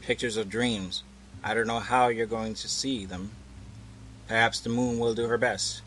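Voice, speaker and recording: A man's voice: lowish voice, steady tone, unhurried, fairly bright tone, slight background noise, rough recording. Man doing a dry, mocking wanderer. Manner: dry, sardonic.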